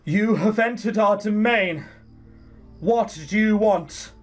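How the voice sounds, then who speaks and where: A man voicing solemn, ancient fairy beings who speak slowly and grandly. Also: high voice, faint music behind, pitched above the performer's own voice. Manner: slow, stately, portentous.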